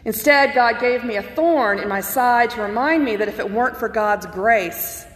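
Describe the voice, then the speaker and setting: A woman pastor giving a sermon, telling personal stories in an earnest way and slowing down to stress key phrases. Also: fairly high pitch. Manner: earnest, personal storytelling with emphatic slowed phrases. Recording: echoey hall with long reverb.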